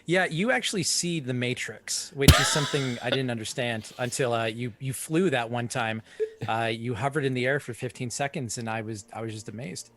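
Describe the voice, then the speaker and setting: A man's voice: medium pitch, brisk, fairly bright tone, slight background noise. A man co-hosting a game stream, joking and laughing playfully. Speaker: co-host, community manager. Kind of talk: casual gameplay chat.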